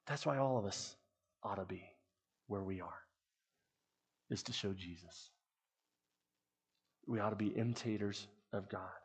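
A man's voice: fairly low pitch, a little slow, pauses often, breathy edge. A man who leads a youth ministry, giving an earnest, conversational sermon to the people who support it. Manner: earnest, conversational preaching with restarts.

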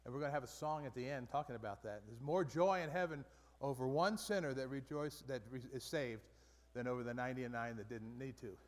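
A man leading a Bible study group in a relaxed, conversational way, often restarting and repeating phrases. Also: medium pitch, a little fast, few pauses. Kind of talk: casual Bible study teaching. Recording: long reverb from a large room.

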